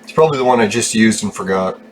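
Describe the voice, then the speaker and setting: A man's voice: lowish voice, quick pace, slight background noise. A young man, chatting casually while gaming, rambling, swearing freely and laughing often. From Canada. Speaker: gaming channel host.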